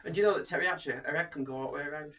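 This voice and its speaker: A man's voice: a little high, rapid-fire, sharp tone, recorded from a distance. A man co-hosting a podcast, bantering playfully and slipping into silly impressions. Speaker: podcast co-host. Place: small summerhouse studio.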